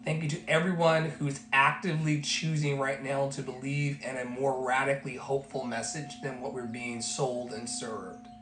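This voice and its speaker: A man's voice: medium pitch, level tone, normal speed, hardly any pauses. A man giving an emphatic motivational talk as a life coach, repeating his phrases like a preacher. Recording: echoey room with faint music.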